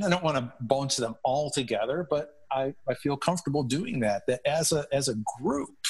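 A man's voice: medium pitch, breathy edge. A man, a hockey chaplain, telling stories earnestly in a podcast interview, often restarting his sentences. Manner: earnest, animated storytelling with restarts.

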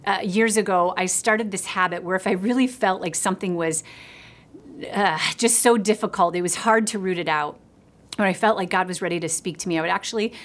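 A middle-aged woman preaching a sermon in an earnest voice, dropping to a soft hush when she speaks God's words. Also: fairly low pitch.

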